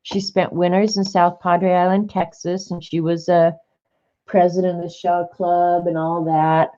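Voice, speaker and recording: An older woman with a fairly low voice speaks a little slowly and with flat delivery, vlogging casually as she pages through old art journals. Her talk is chatty and rambling, full of warm-hearted reminiscing, and the audio has a slightly dull lo-fi quality.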